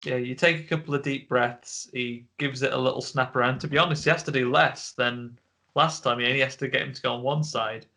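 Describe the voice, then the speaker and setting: A man with a gravelly edge to his voice talks through a film scene by scene on a video call. His tone is bright and forceful, and he slips into quick character voices as he retells. It is a casual podcast chat between friends. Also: medium pitch, fairly even intonation. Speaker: podcast co-host. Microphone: home mic on a video call.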